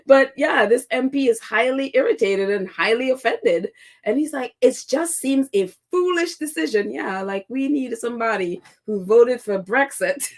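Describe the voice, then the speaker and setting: A woman from the United States hosts a casual commentary podcast in a voice that sits a touch high. She talks in a chatty, sarcastic way, laughs often and fills her sentences with "you know" and "um.". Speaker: podcast host.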